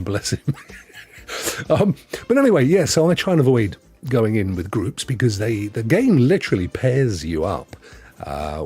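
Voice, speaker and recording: Husky man chatting on stream. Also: mid-range voice, a little mellow. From United Kingdom. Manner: rambling, chatty, chuckles often. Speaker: gaming show host. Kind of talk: solo live-stream chat. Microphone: headset.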